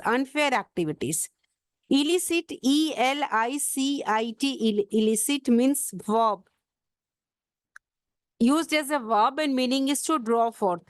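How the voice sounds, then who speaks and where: A woman teaches an exam-prep English vocabulary lesson, spelling each word letter by letter and slowing down to show where the stress lands. Her voice sits high, and there is no echo.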